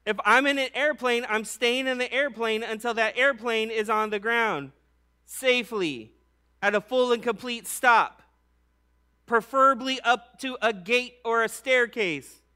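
Bright high-voiced man preaching casually. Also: a little slow, clear, resonant tone. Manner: slangy and conversational, many "like"s; animated storytelling with acted-out voices. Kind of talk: casual sermon.

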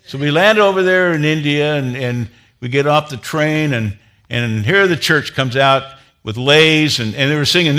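A man preaching a sermon, telling a story with lively rises in energy and dropping to a low, earnest tone to make his point. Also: moderate pace. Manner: animated storyteller, grows loud and high when excited, then drops to a low earnest tone. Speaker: pastor.

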